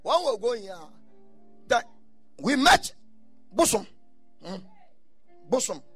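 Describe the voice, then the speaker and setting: A man preaching a sermon, telling stories and breaking into shouted bursts. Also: very high-pitched, big pitch swings, slow pace, husky, faint music behind. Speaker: pastor.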